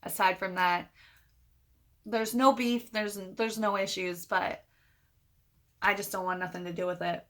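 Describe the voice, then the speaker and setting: A woman's voice: medium pitch, a little slow, long pauses. A woman vlogger casually telling a personal story to camera and acting out the other people's lines as she goes. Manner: animated retelling, quoting others.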